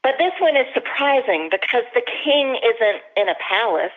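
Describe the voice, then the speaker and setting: A pastor delivering a sermon in an earnest preaching manner, slowing down to stress key phrases. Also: mid-range voice, sing-song. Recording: tinny phone-line sound.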